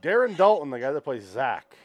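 A man co-hosting a podcast in casual chat, relaxed, reading out film credits as he talks. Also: fairly high pitch, a little fast, no echo. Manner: laid-back, reads off film credits.

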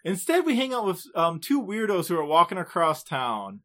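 A man co-hosting a podcast, recapping anime episodes in casual, animated chat and often laughing. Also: high voice, normal speed. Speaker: podcast co-host.

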